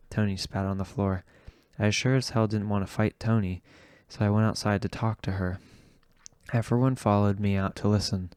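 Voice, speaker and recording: A man reading an audiobook aloud in a slow, measured way. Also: on the low side, level tone, darkish tone, smooth, no room sound, studio quality. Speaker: audiobook reader. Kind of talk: audiobook narration.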